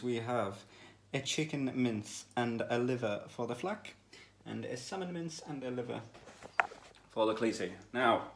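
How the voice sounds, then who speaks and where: Blunt, low-voiced man vlogging. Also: background noise. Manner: blunt, swears, frustrated. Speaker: dog trainer vlogging. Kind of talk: casual vlog chat. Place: outdoors in a field with dogs.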